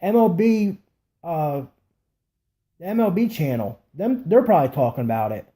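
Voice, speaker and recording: A man's voice: on the high side, big pitch swings, moderate pace, dark tone. A man co-hosting a sports podcast, worked up and emphatic as he agrees with his partner. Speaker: podcast co-host. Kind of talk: casual sports talk.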